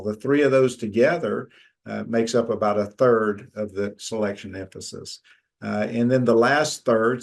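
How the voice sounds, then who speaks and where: A man's voice: lowish voice, creaky, darkish tone. Man lecturing through slides. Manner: plain, conversational with frequent fillers and restarts. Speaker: extension lecturer.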